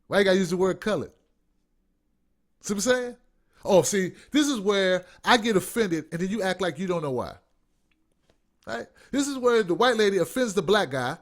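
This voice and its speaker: A man's voice: high voice, expressive, normal speed, pauses often. A man hosting an online show, ranting with sarcastic, profane commentary. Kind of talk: livestream commentary rant.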